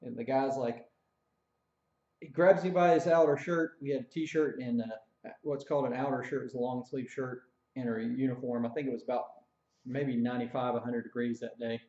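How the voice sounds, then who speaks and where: A man's voice: medium pitch, fairly even intonation, moderate pace, mellow. A man casually telling an army story, rambling with fillers and self-corrections. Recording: dull echoey room recording.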